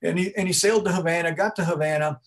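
A man's voice: high-pitched, steady tone, fast. A middle-aged man giving an informal history talk to an audience, conversational and rambling, with frequent restarts and asides. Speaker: museum speaker giving a talk.

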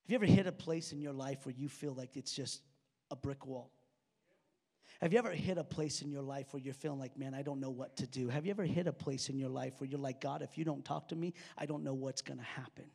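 A man preaching a sermon as pastor of his church, animated and conversational, full of rhetorical questions and asides to the congregation. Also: mid-range voice, fast talker, creaky, big-room sound. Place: church auditorium stage.

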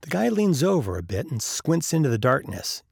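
A man's voice: a little high, very animated, normal speed, gravelly, breathy edge, no room sound, studio quality. A man hosting a podcast, telling a story and acting out the characters' lines. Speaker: podcast host.

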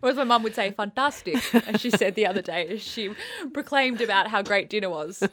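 A woman co-hosting a casual chat, playful and quick to laugh and tease. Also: medium pitch, fairly bright tone. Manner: playful, laughs easily, teasing interjections. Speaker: podcast co-host.

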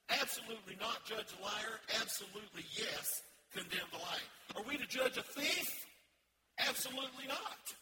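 High-pitched guy pastor preaching hard, asks the crowd stuff, noisy church room behind him. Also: reverberant, long reverb tail. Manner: emphatic call-and-response preaching. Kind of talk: sermon. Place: church sanctuary.

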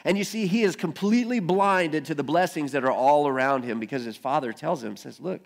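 A man's voice: fairly high pitch, fairly quick, vocal fry, few pauses. Conversational pastor preaching a sermon, man. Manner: conversational storytelling, acting out quoted lines; repeats words when starting phrases.

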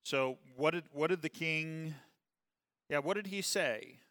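Male Bible study teacher, bright crisp voice, slightly high, conversational, often checks in with the class; reads verses slow and emphatic. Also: long reverb tail. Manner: reads scripture slowly and emphatically.

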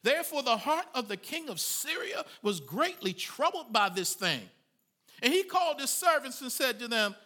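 A man preaching a sermon as a pastor, reading scripture and breaking into folksy asides, rising to dramatic shouts. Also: extremely high pitch, big pitch swings, moderate pace.

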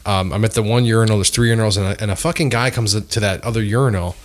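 A man co-hosting a podcast, telling a rambling story in an excitable, casual way. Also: on the low side, fast talker, slight background noise. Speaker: podcast co-host.

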